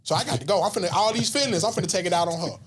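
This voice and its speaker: A man's voice: high voice, very fast, husky. A man, telling a story in casual, slangy talk and acting out voices and whispers. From Southern US. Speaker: podcast guest.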